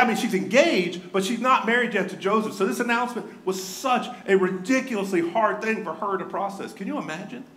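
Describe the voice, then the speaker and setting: A male pastor preaches in a bright, high, swooping voice, animated and joking. The sound is roomy, like a large sanctuary, with a faint hum behind him. His delivery rises and falls as he tells the story. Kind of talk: sermon. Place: church sanctuary.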